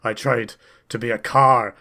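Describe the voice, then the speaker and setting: A man's voice: medium pitch, fairly even intonation, a little slow, vocal fry, sharp tone. A man voicing a boastful, self-important Scottish talent agent who once failed as an actor, speaking in a Scottish accent. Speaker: player. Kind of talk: tabletop role-play.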